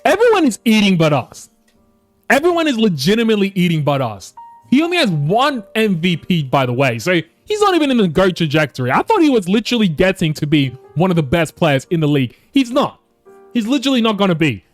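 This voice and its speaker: A young man giving casual, frustrated commentary over a basketball video game, cursing and swinging from low mutters to loud outbursts. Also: huge pitch swings, a little fast, soft background music. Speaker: gaming YouTuber.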